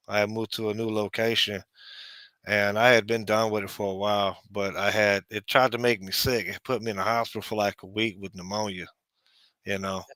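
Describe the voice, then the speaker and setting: Lowish guy rambling on in chat, lots of you know, dry sound. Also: fairly bright tone, smooth, no echo. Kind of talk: casual chat.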